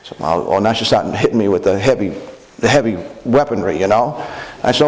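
A man preaching a sermon as pastor, animated, acting out quoted voices with chuckles. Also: on the low side, a little fast, poor audio.

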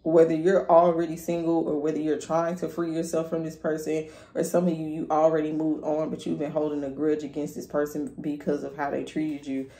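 A woman's voice: low voice, level tone, fairly quick, few pauses, mellow. A woman giving a casual tarot reading in a candid, profane way, hyping up her listener. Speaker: tarot reader. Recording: echoey room with faint noise.

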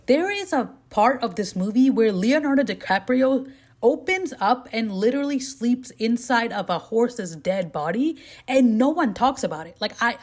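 A woman's voice: a little high, breathy edge. Chatty young woman rattling off reviews. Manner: chatty and candid, with frequent "like" and "you know"; bursts of giggling between opinions. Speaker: vlogger reviewing movies. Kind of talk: casual rapid-fire movie review chat.

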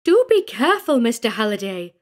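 A man voicing a nervous, fussy upper-class English lady in a shrill falsetto. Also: very animated, brisk. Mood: fretful.

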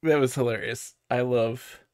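A man's voice: medium pitch, fairly even intonation, normal speed, a little mellow, dry recording, studio quality. A man streaming a video game at home, chatting casually in a giggly, rambling way and telling stories with animation. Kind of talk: casual live-stream chat.

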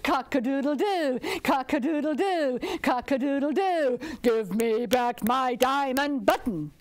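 A plucky little rooster with a sing-song crow keeps demanding what is his, put on by a woman telling a picture-book folktale. The voice rides high and bright in the calls. It is storybook play, bold and stubborn. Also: expressive, slow pace, no room sound. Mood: defiant crowing.

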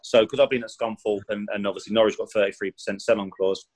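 Man, rapid rambling speech, low voice, casual interview chat, ex-footballer guest. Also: level tone, low-quality recording. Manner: rambling, chatty, fond of "do you know what I mean"; acts out quoted speech with raised voice. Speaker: former professional footballer, podcast guest.

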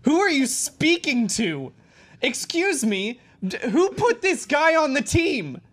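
A woman voicing an exasperated police captain, loud and incredulous. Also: lowish voice, animated, slow pace.

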